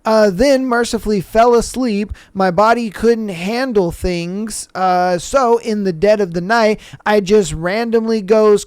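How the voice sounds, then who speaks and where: A man hosts a podcast with a slow, unhurried pace. He chats casually and reads listener stories aloud. His slang-heavy delivery is recorded dry and close to the mic, with no room sound. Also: high-pitched, clear, resonant tone, no room sound. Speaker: podcast host.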